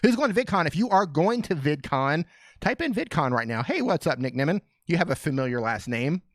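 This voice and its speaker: Brisk and on the high side, a man's voice comes through a dry recording as he hosts a casual live question-and-answer stream from a small studio. He jokes and greets viewers by name, excited and fired up.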